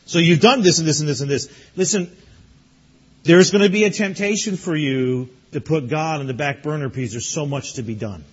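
High husky pastor preaching to graduates. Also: male voice, a little fast, dull audio. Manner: storytelling, chuckling, earnest exhortation. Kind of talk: sermon to graduates.

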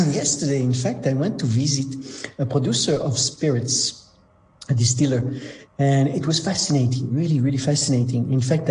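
A man with a husky voice, tired from a sleepless night, chatting as a wine expert guest on a radio show, laughing often and pausing on fillers. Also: mid-range voice, darkish tone, slight background noise. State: tired from being up all night. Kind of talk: casual radio chat.

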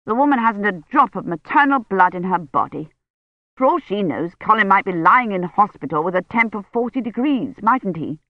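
A narrator voicing a brisk, indignant middle-aged woman doctor with a crisp, disapproving manner, in an audiobook. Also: medium pitch, lively intonation, no echo, phone-quality sound, natural voice. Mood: disgusted.

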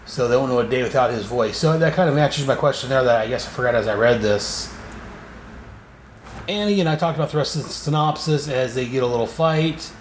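A man's voice: mid-range voice, brisk, a little hiss or hum. Rambling man recapping a comic. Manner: rambling, with fillers and restarts. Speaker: podcast host. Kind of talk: casual comic book recap. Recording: echoey room, faint ambience.

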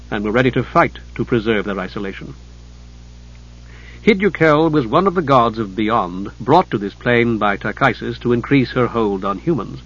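A man narrating a myth in a measured, deliberate storybook style. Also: medium pitch, muffled recording.

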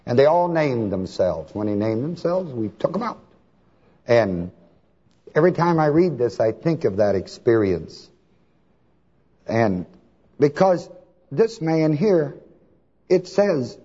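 A man preaching a sermon, asking his listeners to fill in words and swinging between soft talk and shouts. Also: mid-range voice, slightly rough. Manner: asks the congregation to fill in words. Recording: long hall reverb, dull lo-fi sound.

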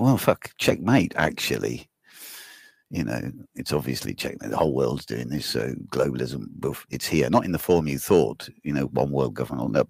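A man with a very low voice rambles through a casual chat, laughing and swearing as he goes. His tone is husky and rough, and the recording sounds dry and close. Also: a little mellow, dry recording. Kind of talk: casual conversation.

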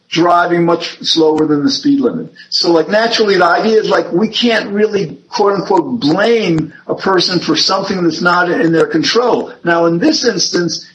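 Male host, explains with lots of "like", slightly high voice, dull lo-fi recording. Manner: explains with many fillers, hesitant restarts. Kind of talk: casual explanatory discussion. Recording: dull lo-fi with faint noise.

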